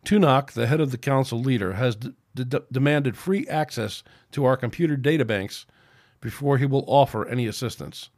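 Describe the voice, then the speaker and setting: A man voicing a calm, decisive starship captain in his own story reading, speaking in a steady, commanding way. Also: mid-range voice, a little fast, close to an everyday voice.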